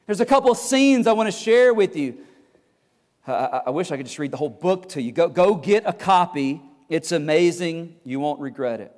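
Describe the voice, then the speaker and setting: A male pastor preaching a fervent, exhorting sermon, often repeating his words as he presses a point. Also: high-pitched. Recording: long hall reverb.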